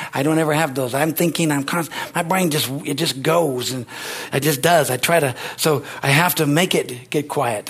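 Husky, fired-up male preacher. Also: fairly high pitch. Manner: energetic, exhorting, rambling with restarts. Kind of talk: sermon.

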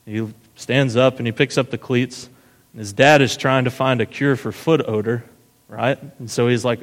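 A man's voice: mid-range voice, moderate pace. A man giving a sermon as pastor, retelling a story casually and often asking "right?". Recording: long hall reverb.

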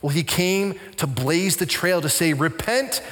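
Man, pastor from Canada, sermon, animated, long hall reverb. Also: sits high, unhurried. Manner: animated storytelling, drops to soft intense tones.

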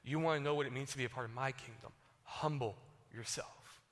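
A patient, gently chiding teacher speaks low and earnest, as a male preacher puts him on. The voice drops well below the speaker's usual pitch and stays soft and hushed. Long reverb from a large hall trails behind each phrase. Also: fairly even intonation, brisk, close to an everyday voice.

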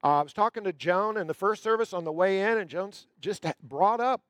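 A male pastor preaching a sermon, retelling a story with emphasis and slowing down on key words. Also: high voice, lively intonation, fairly bright tone, no room sound.

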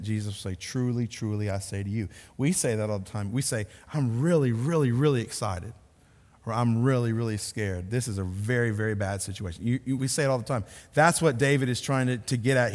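A male pastor delivers a sermon in an earnest way, repeating key words and sinking his voice low to stress a point. His voice sits at a middle pitch. Long reverb from a large hall trails behind each phrase.

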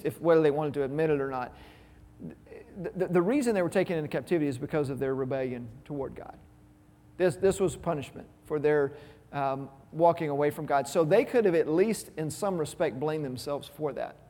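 A man's voice: a little high, a little mellow. A man pastor preaching a sermon, emphatic, repeating key words and asking rhetorical questions. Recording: long reverb of a large hall.

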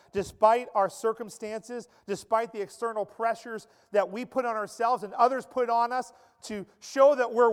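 A man preaching a sermon as pastor, dramatic, swinging from loud emphasis to a soft hush. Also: sits high. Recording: long reverb of a large hall.

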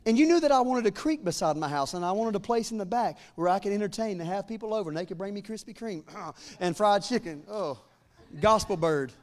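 A man in his forties preaching a sermon as pastor, joking with the congregation and building to loud, fervent declarations. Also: high-pitched, lively intonation, fairly quick. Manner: humorous asides to the congregation.

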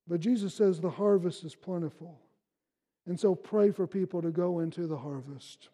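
A man's voice: high-pitched, moderate pace, mellow, long reverb tail. A male pastor preaching a sermon, telling everyday stories with punchy, emphatic bursts.

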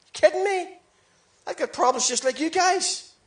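High-pitched pastor guy preaching hard, repeats stuff for emphasis. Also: normal speed. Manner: emphatic, repetitive exhortation with rising shouts. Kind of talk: sermon.

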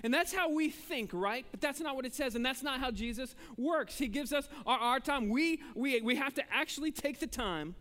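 A man preaches in a high, ringing voice that carries through a large hall with a long trailing reverb. He talks conversationally to the congregation. He pushes hard on key points, then drops low and quiet. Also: animated, normal speed, hardly any pauses. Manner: conversational preaching, swinging between emphatic and hushed. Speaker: pastor. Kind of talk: sermon.

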